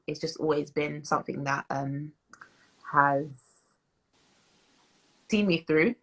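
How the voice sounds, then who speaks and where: A young British woman in her twenties speaks as an interview guest, her voice low and a little husky. She talks thoughtfully and loosely, circling back with fillers and restarts. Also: slow pace, low-quality recording. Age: 20s. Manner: reflective, many fillers and restarts, laughs as she tells stories. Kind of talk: interview conversation.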